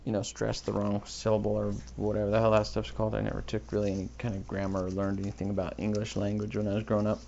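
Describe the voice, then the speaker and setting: Low gravelly-voiced man rambling on a podcast. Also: completely flat delivery, quick pace, few pauses, mellow, dull audio, slight background noise. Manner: rambling, self-mocking, offhand. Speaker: podcast host. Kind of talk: rambling solo podcast chat.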